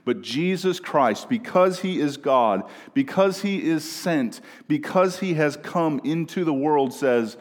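A man in his thirties delivers a sermon at an unhurried pace, pressing his points with emphasis. His voice sinks to hushed lows and climbs to raised peaks, and it rings with the long reverb of a church sanctuary. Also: lively intonation. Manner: emphatic preaching, swings between hushed and raised. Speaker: pastor.

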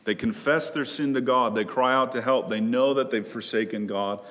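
A man pastor preaching a sermon in earnest, rising to loud pleas and dropping to hushed low lines. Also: normal speed. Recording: long reverb of a large hall.

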